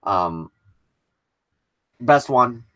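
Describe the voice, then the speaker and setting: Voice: medium pitch, lively intonation, very slow, fairly bright tone. A wrestling show commentator giving a casual recap and opinion, passionate and blunt, with some swearing.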